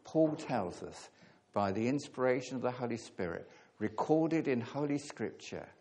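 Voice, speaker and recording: A man preaching a sermon, earnest and emphatic, leaning hard on key words with pauses between phrases. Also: medium pitch, lively intonation, warm tone.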